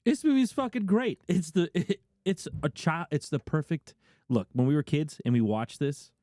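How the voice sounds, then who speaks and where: A man's voice: on the high side, moderate pace, dark tone, no room sound, studio quality. A man co-hosting a movie review podcast, chatting casually in joking, profane banter. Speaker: podcast co-host. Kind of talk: casual chat.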